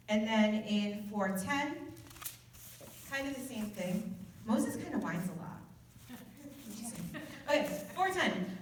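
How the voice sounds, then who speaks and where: A woman's voice: fairly high pitch, expressive, measured pace, a little hiss or hum. A woman giving an informal youth sermon in an earnest, conversational way, often restarting her sentences. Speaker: youth group speaker. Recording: echoey room from a distance.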